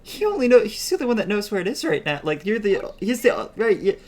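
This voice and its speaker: A man's voice: sits high, big pitch swings, fast talker. A man running a tabletop game as game master, chatty and rambling, laughing often.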